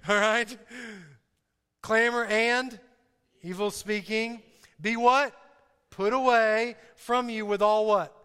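A pastor with a high, sharp, clean-toned voice preaches a sermon in a reverberant hall. He is emphatic, putting questions to his listeners and repeating his key points.

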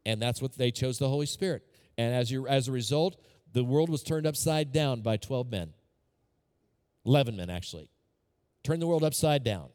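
A man's voice: on the high side, darkish tone, in a large hall. A man preaching a sermon as a pastor, talking conversationally with personal stories and repeated phrases.

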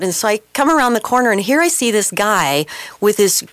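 A woman's voice: mid-range voice, expressive, brisk, fairly bright tone, no echo. A woman guest in a radio studio, telling her personal story with passion and emotion.

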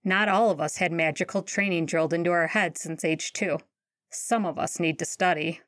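A woman's voice: fairly low pitch, normal speed, a bit bright, dry recording, lightly acted. A woman voicing a studious teenage boy wizard in a podfic, dry and teasing.

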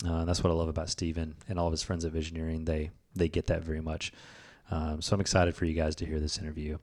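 A man's voice: very deep voice, monotone, fast, darkish tone. A man in his thirties hosting a podcast, talking in an enthusiastic, rambling way with lots of fillers. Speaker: podcast host. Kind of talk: casual interview chat.

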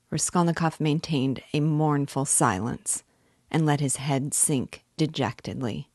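A woman reading a classic novel aloud as a literature teacher, measured and careful. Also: low-pitched, a little mellow, no room sound, clean studio sound.

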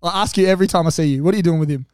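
A man's voice: on the high side, racing, darkish tone, a little hiss or hum. A man hosting a podcast in casual banter, teasing his guests and swearing a lot. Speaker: podcast host.

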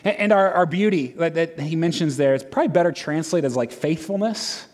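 Male pastor, middle-aged, high-pitched voice, casual animated preaching, long hall reverb. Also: fairly quick. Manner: conversational, animated preaching with frequent fillers. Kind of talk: sermon.

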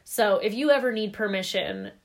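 A woman co-hosting a podcast who talks candidly and emphatically. Her voice sits mid-range, and she swears casually now and then in relaxed chat. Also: medium pitch, moderate pace. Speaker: podcast co-host.

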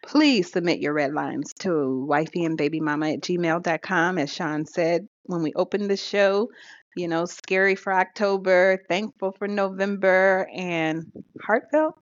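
A female podcast co-host chats casually, laughing a lot and dropping hesitant fillers. Her pitch is fairly low and her pace measured. The recording sounds dull and lo-fi.

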